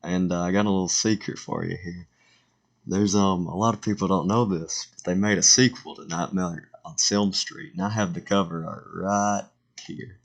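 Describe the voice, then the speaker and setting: A teenage boy giving a casual slideshow voiceover for a school presentation, halting and self-correcting, with joking asides. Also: deep voice, steady tone, creaky. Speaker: student presenter.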